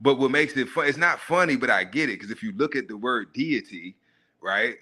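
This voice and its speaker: Profane, animated man ranting on a stream. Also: mid-range voice, brisk. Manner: profane, animated, mocking, laughs at own jokes. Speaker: live stream host. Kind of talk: casual commentary monologue.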